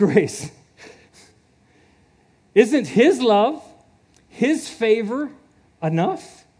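Earnest male preacher, high-pitched and unhurried, prone to small laughs. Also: dark tone. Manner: earnest, chuckles often, repeats words. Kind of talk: sermon.

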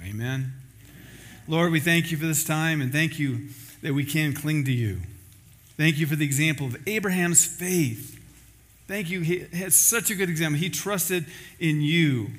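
A man preaching as a pastor, telling a story with lively acted-out quotes before closing in prayer. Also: fairly high pitch, moderate pace. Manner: storytelling, acting out quoted voices; ends in a spoken prayer. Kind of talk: sermon.

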